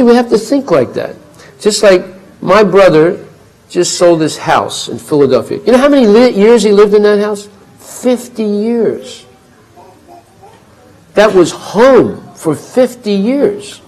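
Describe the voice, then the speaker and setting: A man teaching a spiritual class, telling stories in an animated way and acting out the voices. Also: high voice, low-quality recording. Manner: animated, acts out voices, chuckles. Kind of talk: storytelling class talk.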